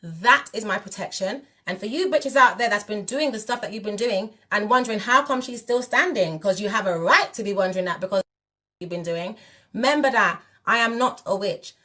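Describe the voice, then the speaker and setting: A woman's voice: medium pitch, brisk, pushed and bright. Emphatic woman vlogging. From England. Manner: direct, emphatic, addresses viewers as "you lot". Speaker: spiritual teacher and vlogger. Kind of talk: candid monologue to camera.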